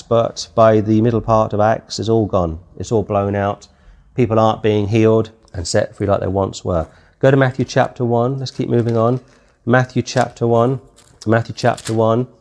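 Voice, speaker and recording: A man's voice: on the low side, a little mellow. British man teaching a conversational Bible study. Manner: conversational, reads scripture aloud in King James wording. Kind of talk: verse-by-verse Bible study sermon.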